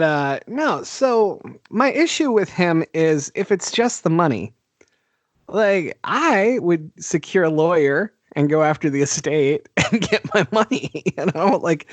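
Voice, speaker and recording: A man's voice: fairly high pitch, no room sound. A man co-hosting a podcast, chatting casually about a horror film, laughing often and swearing freely. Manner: laughing, profane, animated. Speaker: podcast co-host.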